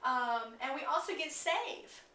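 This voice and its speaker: A woman's voice: high voice, expressive, unhurried, pushed and bright. A woman giving an informal lesson on word origins, chatty, with many fillers and restarts. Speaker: teacher. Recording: echoey room, mic at a distance.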